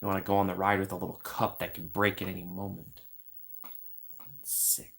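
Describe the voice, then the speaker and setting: Low-voiced male streamer, laid-back and chatty, answers his chat from home. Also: monotone, normal speed, vocal fry, a bit bright. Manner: rambling, laughs often, talks to chat. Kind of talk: casual livestream chat.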